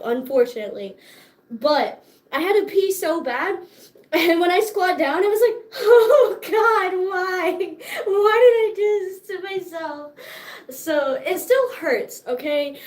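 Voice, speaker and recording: A young woman hosting a casual livestream, chatting in a bubbly, profane way and laughing often, tired and sore after dance class. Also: high voice. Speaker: livestream host.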